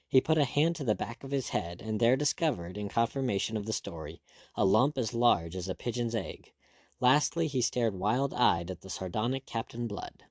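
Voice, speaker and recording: Lively, low-voiced male narrator. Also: no room sound, clean studio sound. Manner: measured, expressive storytelling. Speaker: audiobook narrator. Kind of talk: scripted narration of an adventure novel.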